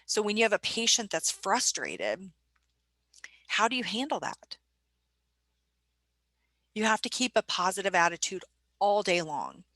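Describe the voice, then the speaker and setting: A woman's voice: medium pitch, big pitch swings, measured pace, long pauses, bright, forceful tone, no room sound. A woman presenting a staff training webinar in a conversational way, putting questions to her audience.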